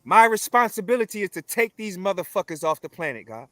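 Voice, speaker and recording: A man speaking as an interview guest in a forceful, emphatic, preaching way, full of repetition and blunt profanity. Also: high-pitched, sing-song, fast talker, no echo. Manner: forceful, emphatic, preaching cadence with repeated phrases. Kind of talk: confrontational conversational interview.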